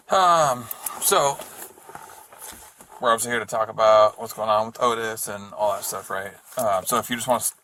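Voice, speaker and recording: A police officer conducting an interview, asking questions in a casual, reassuring way. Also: male voice, on the low side. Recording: bodycam audio with clear background noise.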